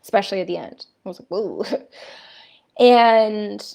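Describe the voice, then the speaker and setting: A woman's voice: medium pitch, moderate pace, gravelly, warm tone. A woman in her thirties, a spiritual coach talking on a live stream in a candid, fiery way.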